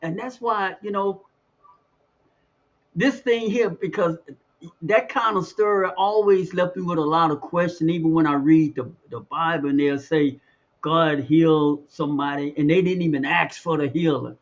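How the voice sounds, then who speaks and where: A man in casual conversation, reflecting in a halting way and often restarting his sentences. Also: fairly high pitch, fairly even intonation, muffled recording. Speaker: podcast co-host.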